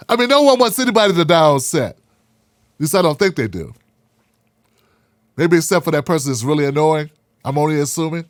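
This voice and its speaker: A man hosting a commentary show, sarcastic and animated, firing off rhetorical questions. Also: on the high side, a little fast, no room sound, studio quality. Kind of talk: political commentary monologue.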